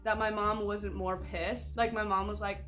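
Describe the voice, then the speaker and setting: A woman's voice: medium pitch, little pitch movement, normal speed, a bit bright, faint music behind. A young woman telling a casual storytime vlog, chatty and profane with lots of "like.". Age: young adult. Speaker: vlogger.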